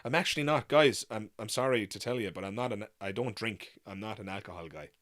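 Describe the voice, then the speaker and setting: A man's voice: lowish voice, brisk, fairly bright tone, no echo, studio quality. An Irish man hosting a live Q&A stream, chatting with viewers in rambling, exasperated rants with swearing. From Ireland. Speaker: livestream host.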